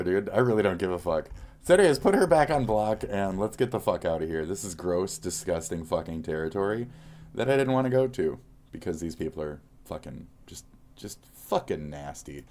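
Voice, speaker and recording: A man's voice: deep voice, lively intonation, normal speed, a little mellow. A man streaming live, reacting to posts with a profane, mocking rant.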